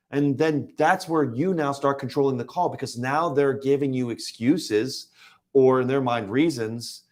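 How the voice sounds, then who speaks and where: A man's voice: medium pitch, a little mellow. A man on a sales panel, talking emphatically and acting out phone calls with customers. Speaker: Medicare sales trainer. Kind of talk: panel discussion.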